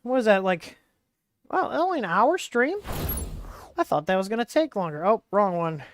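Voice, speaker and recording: Using a wireless mic, a man with a high voice and lively intonation hosts a casual, hands-on tech livestream at a moderate pace. He rambles through explanations of the hardware he's working on, filling his speech with lots of fillers.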